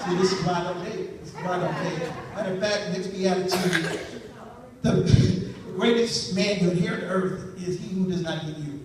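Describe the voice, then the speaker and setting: Man, stand-up comedian, very high voice, chatty rambling delivery, echoey club, distant mic. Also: steady tone, normal speed, a crowd in the background. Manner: conversational, rambling asides.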